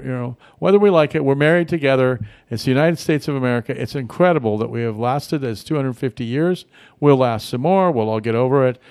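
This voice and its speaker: A man's voice: mid-range voice, darkish tone, smooth, no room sound, studio quality. A man hosting a casual local radio talk show, rambling and friendly with many fillers and restarts. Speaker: radio host. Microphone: studio mic.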